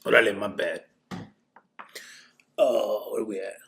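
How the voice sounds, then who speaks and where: Profane gravelly man, blunt storytelling. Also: lowish voice, steady tone, slow pace, fairly bright tone. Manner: blunt and profane, lots of "you know what I'm saying". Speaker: host telling his life story on a live stream. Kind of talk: casual live-stream storytelling.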